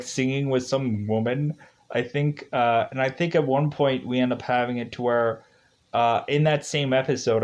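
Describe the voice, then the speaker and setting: A man giving casual, rambling commentary on a mobile game he's playing, chatty and quick to laugh. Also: medium pitch, a little mellow. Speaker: gaming video host. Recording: dull lo-fi recording.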